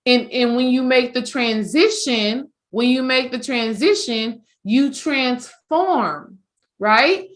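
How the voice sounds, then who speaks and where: A woman's voice: sits high, slow. A woman healing coach, telling a story in a casual, emphatic monologue that repeats itself for effect. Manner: animated, repetitive, emphatic storytelling.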